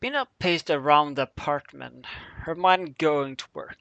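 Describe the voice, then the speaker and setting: A man reading fan fiction aloud as narrator, halting, with fillers and misread words. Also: on the high side, animated, sharp tone, no echo.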